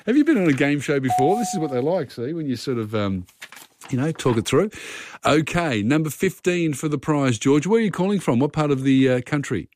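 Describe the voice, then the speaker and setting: A man's voice: fairly high pitch, expressive, fairly quick, darkish tone, a little hiss or hum. A man hosting a radio phone-in quiz, chatting casually and talking contestants through the questions.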